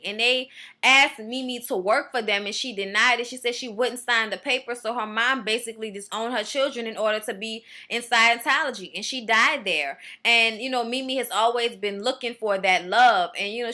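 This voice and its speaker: Blunt, high-voiced woman vlogger. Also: pushed and bright. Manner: blunt, profane, opinionated, acts out quotes. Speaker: YouTube reality show reviewer. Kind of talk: casual vlog commentary.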